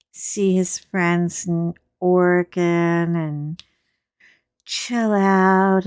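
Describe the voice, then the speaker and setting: A middle-aged woman, hoarse while recovering from laryngitis, chatting casually and rambling with wry humor as she hosts her coloring channel from a chair at home. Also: fairly low pitch, darkish tone, no echo, clean studio sound. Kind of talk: casual chat.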